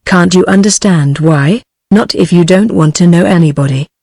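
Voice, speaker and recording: A synthetic woman's voice with a British accent reading a proud, reserved young wife in a storybook, in an even, flat delivery. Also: lowish voice, normal speed, husky, dry recording, clean studio sound.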